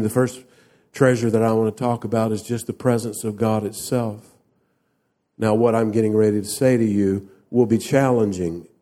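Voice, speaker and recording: A male preacher delivering a sermon at an unhurried pace. His voice is mellow and warm, and he leans on emphatic rhetorical questions to his listeners. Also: medium pitch. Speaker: pastor.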